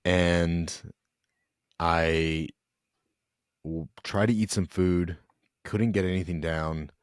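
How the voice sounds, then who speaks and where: A young man, a podcast guest, telling an emotional personal story in an earnest, halting way. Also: low voice, fairly even intonation, clean tone, dry recording, clean studio sound. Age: young adult.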